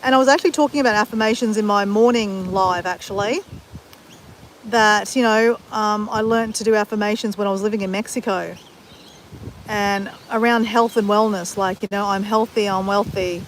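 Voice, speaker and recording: An Australian woman talks off the cuff to viewers of her live stream, drifting between thoughts and teasing herself. Her voice sits at an ordinary middle pitch. A faint wash of outdoor life, animals and the odd passing vehicle, hums behind her. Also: steady tone, normal speed, slight background noise. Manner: chatty, rambling, self-deprecating.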